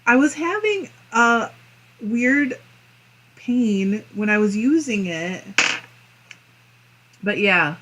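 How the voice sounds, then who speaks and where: A woman's voice: on the high side, lively intonation, drawn-out words, long pauses, fairly bright tone, a little hiss or hum. A woman hosting a casual crafting livestream, reading viewer comments aloud and giggling often between them. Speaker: fiber arts channel host.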